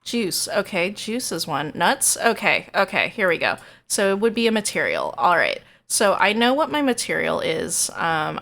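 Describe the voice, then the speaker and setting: Woman streamer, casual chat, rambling and hesitant, low voice, gravelly. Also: fairly bright tone. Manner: rambling, hesitant, self-deprecating.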